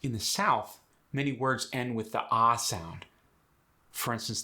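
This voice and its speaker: A man hosting an accent tutorial as a dialect coach, explaining sounds in a brisk, instructive way. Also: medium pitch, sharp tone.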